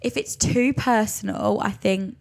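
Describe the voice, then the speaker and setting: A young woman co-hosts a casual chat with her friend, agreeing and giggling along. Her voice has a gravelly, fry-laced edge at a middle pitch. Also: fairly even intonation, unhurried, darkish tone. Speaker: podcast co-host.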